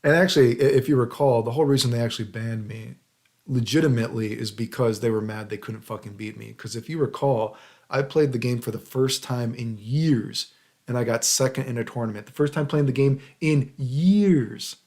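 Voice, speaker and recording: A man's voice: medium pitch, moderate pace, a little mellow. A man hosting his own channel, ranting heatedly into a computer microphone, swearing and often asking "right?". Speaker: channel host. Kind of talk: unscripted ranting monologue.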